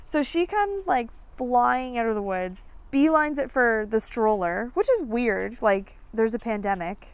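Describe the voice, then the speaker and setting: A woman in her thirties, a podcast host telling a story in an animated, chatty way. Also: on the high side, a little slow, clear, resonant tone. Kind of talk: casual storytelling chat.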